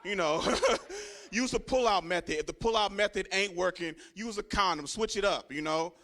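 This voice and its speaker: Speaking at a normal pace in a high, somewhat bright voice, a young stand-up comedian from Richmond, California, talks directly to the crowd on a comedy club stage, his set crude and swaggering.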